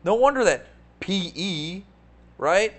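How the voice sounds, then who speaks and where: A man hosting a live market webcast, talking casually with animated, sarcastic rants and a habit of asking "right?". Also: sits high, takes it slowly. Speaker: stock market show host.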